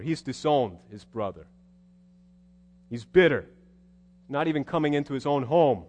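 Male preacher, wry and animated, lively pitch, big reverberant hall. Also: normal speed, long pauses. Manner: conversational, wry, animated storytelling. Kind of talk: sermon.

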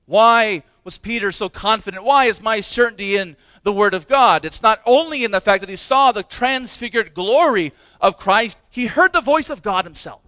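A man's voice: high-pitched, normal speed, hardly any pauses, bright, forceful tone, dry recording. A man preaching a sermon as pastor, impassioned and emphatic, with many rhetorical questions.

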